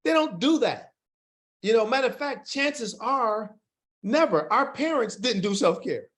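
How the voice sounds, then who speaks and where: A man presenting an online workforce training session, animated, folksy and encouraging. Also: extremely high pitch, measured pace. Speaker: workshop facilitator.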